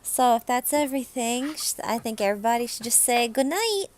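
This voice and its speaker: A woman hosting a tabletop game stream, wrapping up with relaxed, easygoing announcements. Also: on the high side, a little fast, a little hiss or hum. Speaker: stream host. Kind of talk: casual sign-off chat.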